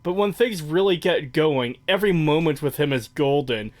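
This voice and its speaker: A man's voice: a little high, expressive, normal speed. A man co-hosting a podcast in casual chat, blunt and offhand, swearing freely. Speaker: podcast co-host.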